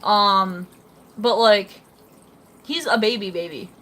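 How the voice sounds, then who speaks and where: A woman's voice: mid-range voice, slow pace, pushed and bright. A young woman chatting casually on a live stream, rambling and reading out chat comments beside her fish tank at home. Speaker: fish-keeping livestreamer.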